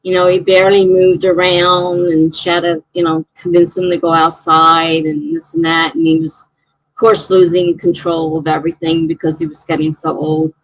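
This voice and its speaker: A woman's voice: fairly low pitch, moderate pace, dry recording, poor audio. A woman hosting a live stream, chatting casually and reading out viewer comments in a rambling way.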